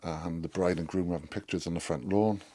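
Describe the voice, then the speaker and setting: A man's voice: sits low, fast talker. A middle-aged man telling a rowdy, sweary anecdote as a podcast guest. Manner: animated, sweary storyteller. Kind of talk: storytelling anecdote.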